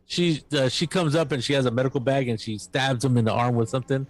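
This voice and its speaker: A man narrating as game master of a tabletop role-playing game, halting and full of fillers. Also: medium pitch, fairly even intonation. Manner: halting, filler-heavy narration with quick voices for NPCs.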